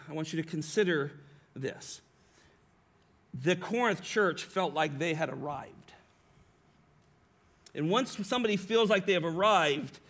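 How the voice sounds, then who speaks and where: A pastor preaching a sermon to his congregation, emphatic, often tagging lines with a rhetorical "right?" and slowing down on key phrases. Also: sits high, a bit bright. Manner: varies pace and volume, slowing on key phrases. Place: church sanctuary.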